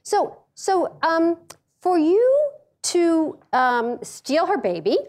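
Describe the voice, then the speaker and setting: A woman's voice: very high voice, extremely slow. A middle-aged woman giving a humorous talk, telling stories with jokes and acting out other people's voices, pacing as she speaks. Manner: animated, jokey, acts out voices of others; paces while speaking.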